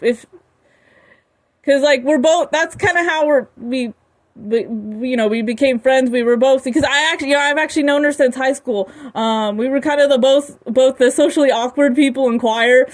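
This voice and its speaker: Young woman vlogger, high voice, halting casual rambling with constant giggles, talking from her room. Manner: halting, many restarts, frequent giggling.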